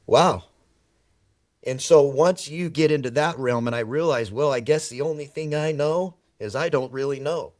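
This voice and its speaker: A man telling personal stories in a podcast conversation, animated and emphatic, repeating words for effect. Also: fairly high pitch, moderate pace, dry recording, studio quality. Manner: animated storyteller who acts out quoted dialogue. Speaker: podcast guest.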